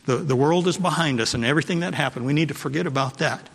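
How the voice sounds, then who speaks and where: Fast-talking, with a fairly high, gravelly, husky voice, this male pastor preaches in a church sanctuary. He drives his points home by repeating them and calls out to the congregation, all under a long hall reverb.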